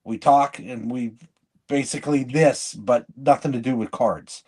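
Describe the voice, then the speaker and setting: A man's voice: mid-range voice, a little slow, a little mellow, slightly rough. A man co-hosting a podcast in casual chat, rambling and blunt, often breaking off and restarting his sentences. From living in Michigan. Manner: rambling, blunt, self-interrupting. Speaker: podcast co-host.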